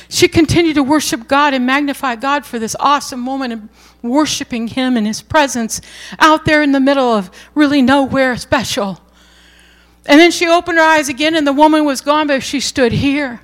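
A middle-aged woman preaching a sermon, telling a story earnestly and voicing the quoted words softly. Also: sits high.

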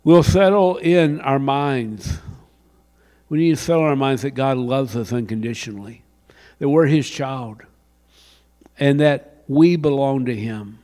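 An older man preaching a sermon, dropping to a hush and then rising to a shout. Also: medium pitch, a little slow. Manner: dramatic swings from hushed to shouting. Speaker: pastor. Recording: long hall reverb.

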